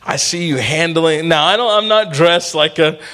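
A man preaching a sermon in a relaxed, talky way, voice pitched a bit above most men's. He keeps calling out to the congregation for a response and acts out the people in his stories. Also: normal speed. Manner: conversational preaching with call-and-response asides. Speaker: pastor.

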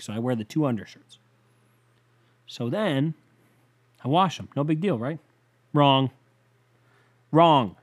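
A man hosting a podcast, ranting casually and profanely, sighing often and swinging between loud outbursts and low muttering. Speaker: podcast host.

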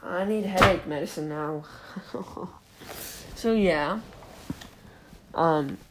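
A man's voice: fairly high pitch, extremely slow, background noise. A young man hosting a podcast, telling a rambling story with frequent giggles and tangents. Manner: giggly, digressive, self-interrupting. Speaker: podcast host.

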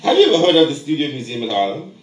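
A man's voice: mid-range voice, wildly swooping pitch, far from the mic. A man from New York City with a New York accent, hosting a casual chat and firing off teasing questions. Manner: teasing, rapid-fire questions, laughing often. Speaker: podcast host. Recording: echoey room, mic set back.

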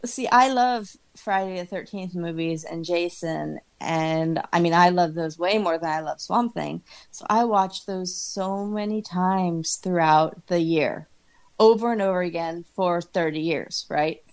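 A middle-aged woman co-hosting a podcast in casual chat, animated and laughing often as she acts out her own reactions. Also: on the low side, unhurried. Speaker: podcast co-host.

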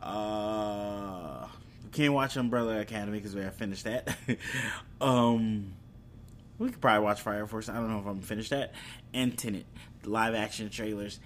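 Rambling casual man, faint rumble. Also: normal speed. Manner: rambling, self-correcting, laughs at own slips. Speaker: anime and streaming vlogger. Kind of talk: casual chat.

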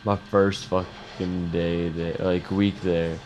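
A man's voice: deep voice, level tone, takes it slowly, a little mellow, a little hiss or hum. A young man chatting casually, swearing and saying dude a lot. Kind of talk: casual podcast chat.

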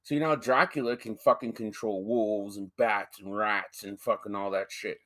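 A man's voice: on the low side, fairly even intonation, moderate pace, a bit bright. A man co-hosting a podcast, arguing animatedly in casual, profanity-laced banter. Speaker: podcast co-host.

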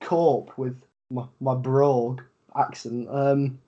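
A man's voice: medium pitch, little pitch movement, takes it slowly, dark tone, dull audio. A man with a Yorkshire accent co-hosting a casual football podcast, rambling with lots of fillers and free swearing. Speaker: podcast co-host.

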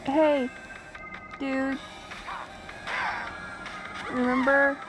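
A woman giving casual let's-play commentary, excitable and chatty, swearing and joking at the game's characters. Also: high-pitched, drawn-out words, low-quality recording. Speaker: gaming streamer. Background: game music.

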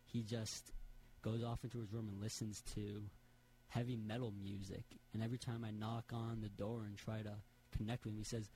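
A man doing a hapless rambling moth, stammering, low mellow voice, faint noise. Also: little pitch movement, moderate pace, natural voice, rough recording. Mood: woeful. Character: downtrodden male moth, anxious and rambling.

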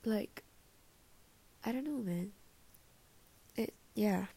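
A young woman musing in a soft, often half-whispered way, sharing personal reflections in a casual vlog. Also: mid-range voice, animated, extremely slow, husky. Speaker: vlogger.

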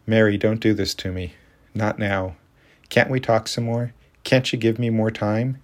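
A man with a deep voice reading the part of a desperate, frightened man in his thirties in an audiobook, pleading in a shaken voice. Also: little pitch movement, measured pace, close to an everyday voice.

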